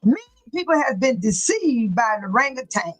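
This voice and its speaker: A woman's voice: a little high, sing-song, fairly quick, rough recording. A woman hosting a casual livestream, talking emphatically and preachily, repeating herself and laughing often as she reads viewer chat.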